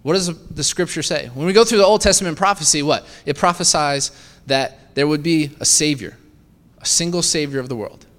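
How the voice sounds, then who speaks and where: A man's voice: a little high, fairly quick, a bit bright, big-room sound. A man preaching a sermon in a conversational way, often asking the listeners questions. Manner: conversational, asks the congregation rhetorical questions with frequent "right?".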